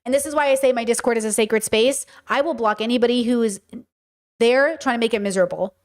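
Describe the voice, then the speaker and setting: A woman's voice: a little high, quick pace. A woman in her thirties hosting a podcast, talking bluntly and emphatically in a casual, unscripted monologue that swears freely and answers chat comments. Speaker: podcast host.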